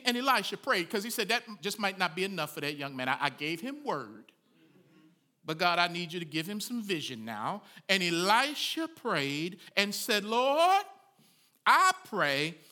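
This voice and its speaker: A man preaching a sermon as a pastor, reading scripture and breaking into folksy asides, rising to dramatic shouts. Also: sits high.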